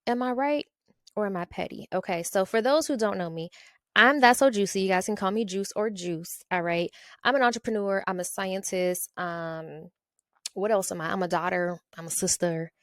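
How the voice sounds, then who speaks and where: A woman's voice: mid-range voice, normal speed, no room sound. A woman from Ohio hosting her own podcast in a casual solo monologue, chatty and playful, tagging her lines with "okay?" and "y'all". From Ohio, USA. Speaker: podcast host.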